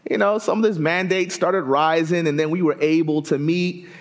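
A man from Southern Africa delivers a sermon with a notably high voice that leaps even higher when he wants to make a point. He talks to the congregation directly and weaves funny personal stories into the message. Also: moderate pace, hardly any pauses. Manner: animated, storytelling with jokes to the congregation; lively pitch swings, rising high for emphasis.

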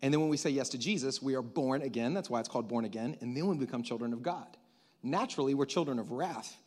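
A man's voice: mid-range voice, fast talker, darkish tone. A man preaching a sermon in a conversational way, joking with the congregation and asking it questions.

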